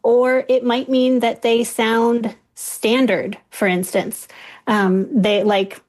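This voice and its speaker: A woman who studies accents, a guest explaining clearly and patiently in conversation. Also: on the high side, little pitch movement, slow, a little mellow. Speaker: linguist guest.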